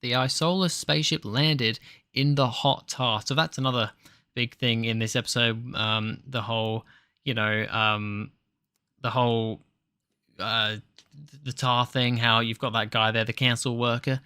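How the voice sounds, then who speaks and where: A man's voice: mid-range voice, steady tone, a little slow, pushed and bright, clear, resonant tone, no room sound, studio quality. A man giving a casual spoken review of a TV episode, rambling and hesitant, with frequent ums and restarts. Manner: hesitant, filler-heavy, rambling.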